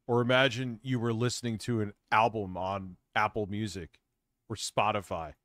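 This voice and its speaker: A man's voice: on the low side, flat delivery, normal speed, a bit bright, no echo. A man co-hosting a casual commentary stream, mocking and often laughing. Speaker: stream co-host.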